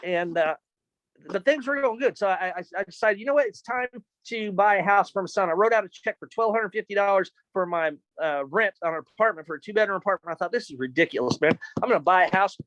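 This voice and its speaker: A man telling a personal story in an animated, excitable way, often repeating words and calling people "man". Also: high voice, fast talker, no room sound. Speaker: storyteller giving a personal testimony.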